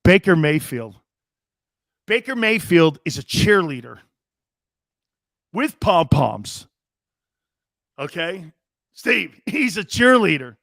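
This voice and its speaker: Brash sports-talk host in his fifties, foul-mouthed, high male voice, dry close sound. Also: very animated, slow pace, vocal fry, long pauses, fairly bright tone, no room sound. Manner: brash, profane, mocking.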